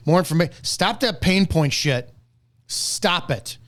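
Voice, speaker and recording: A man's voice: fairly high pitch, animated, slow, a bit bright. A man giving blunt, combative reaction commentary on sales methods, ranting with profanity. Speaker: network marketing commentator.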